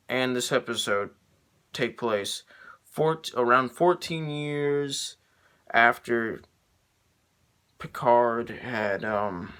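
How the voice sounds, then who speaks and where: A man giving an unscripted video review, halting and full of ums and restarts. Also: mid-range voice, fairly bright tone, clean tone.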